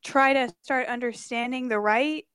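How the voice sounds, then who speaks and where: A woman's voice: a little high, moderate pace, a bit bright, clean tone, dry recording. A woman calling in to a live show, hesitant and restarting her sentences. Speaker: caller.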